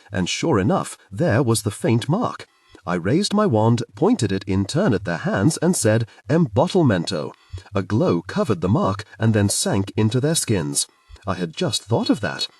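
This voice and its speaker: A man reads a fantasy novel aloud with a breathy, husky tone and sweeping, animated swings of pitch. His narration is expressive and storytelling-driven. The recording is dry and sits a little back from the mic. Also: normal speed, no echo, far from the mic. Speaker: audiobook narrator.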